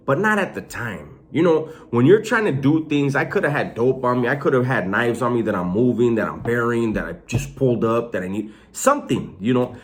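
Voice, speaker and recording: A man casually telling stories about prison life in a slangy, animated way, swearing freely. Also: mid-range voice, a little fast. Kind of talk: casual storytelling.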